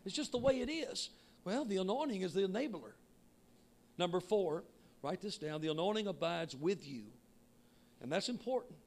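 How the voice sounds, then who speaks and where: A man preaching a sermon with emphatic shouting that drops to quiet asides. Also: high-pitched, animated, normal speed. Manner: shouting, emphatic, swinging between loud and quiet. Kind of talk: Pentecostal sermon.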